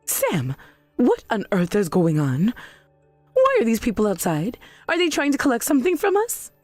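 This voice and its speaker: A woman acts out an indignant middle-aged mother in a voiced text drama. Her fairly high voice leaps up and down as she demands and defends herself. The sound is dry and close, with faint music behind. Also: huge pitch swings, moderate pace, darkish tone, no room sound. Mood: outraged. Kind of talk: scripted drama voice-over.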